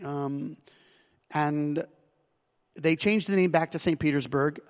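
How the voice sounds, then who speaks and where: American man, pastor, high voice, storytelling sermon, long church-hall reverb. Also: slow. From United States. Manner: storytelling, rising to loud emphatic preaching. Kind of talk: sermon with personal stories.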